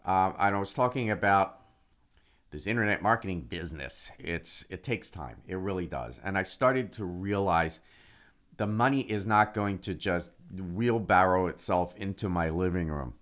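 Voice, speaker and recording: Excitable guy vlogging, voice bounces all over, kinda muffled lo-fi recording. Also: sits low, moderate pace. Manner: excitable, animated, many restarts. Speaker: affiliate marketer. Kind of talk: casual vlog talk to camera. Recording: dull lo-fi recording.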